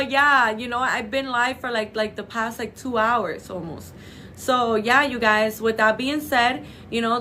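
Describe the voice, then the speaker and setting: A young woman hosting a clinic's live stream from its office on a phone, chatting warmly with viewers and calling them babe and girl. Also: fairly high pitch, slight background noise. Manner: gushing, affectionate, calls viewers babe and girl. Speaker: clinic livestream host.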